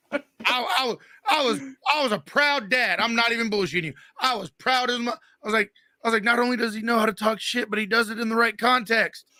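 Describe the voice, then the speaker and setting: Male guest host, 30s, brassy and high, profane storyteller, dead-dry sound. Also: sharp tone, no echo. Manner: profane storytelling, quick and joking. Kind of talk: casual chat.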